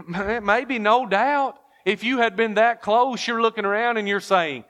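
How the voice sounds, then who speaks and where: A man delivers a sermon in an animated storytelling way, pulling listeners in with rhetorical questions. He reads King James verses aloud between his own comments. His voice sits a little on the high side. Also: moderate pace, few pauses. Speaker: preacher.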